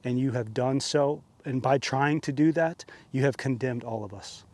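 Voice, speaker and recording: A male vlogger stands outside beneath open sky, delivering a heated, cursing monologue and hammering the same points again and again while sweating and worked up. He speaks at a normal speed in a mid-range, slightly mellow voice.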